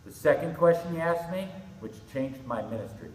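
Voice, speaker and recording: A middle-aged man preaching to a youth group, telling a story with animated, acted-out quotes. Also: medium pitch, normal speed, distant mic. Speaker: pastor. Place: church hall. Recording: echoey hall with faint ambience.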